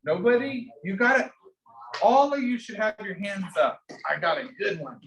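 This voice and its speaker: An echoey classroom holds a teacher coaching entrepreneurship, fired up, pushing hard and calling students by name. The voice is mid-range and fairly bright, at a normal speed.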